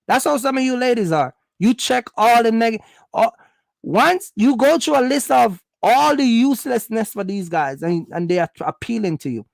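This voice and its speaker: A man's voice: extremely high pitch, expressive, normal speed, vocal fry, no echo. A man from Jamaica, giving a blunt, scolding opinion monologue. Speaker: vlogger.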